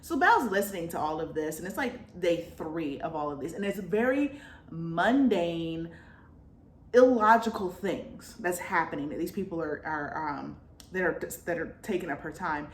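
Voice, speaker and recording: Chatty lady going over a book, kinda low voice, echoey room. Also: expressive, moderate pace, slight background noise. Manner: chatty, slangy, full of fillers. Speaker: book vlogger. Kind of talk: casual book recap.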